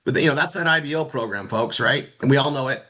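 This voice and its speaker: A man teaching marketing in a casual screen-share walkthrough, rambling and halting, often repeating words as he clicks around. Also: medium pitch, bright, forceful tone. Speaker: marketing instructor.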